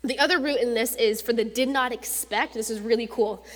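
Young woman, preacher, conversational sermon, bright high voice, animated quoting, long hall reverb. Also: a little fast. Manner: conversational and animated, acts out quotes with rising intensity.

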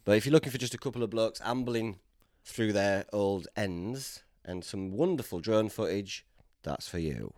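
Young Yorkshire bloke, podcast host, low-pitched, dry close mic, playful banter. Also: male voice, normal speed, darkish tone, dry recording. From Yorkshire, England. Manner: playful, jokey banter with bursts of laughter. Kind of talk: casual chat.

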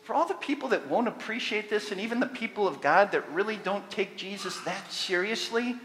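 A man delivers a sermon with a bright, high voice that carries through a hall with long reverb. He preaches with animation and builds to loud emphasis on his main points. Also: lively intonation, a little fast, few pauses. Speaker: pastor.

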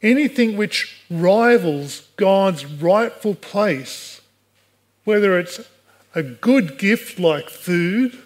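A man's voice: sits high, animated, very slow. A man, a pastor, preaching a sermon in an earnest way, with rhetorical questions to the congregation. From Australia.

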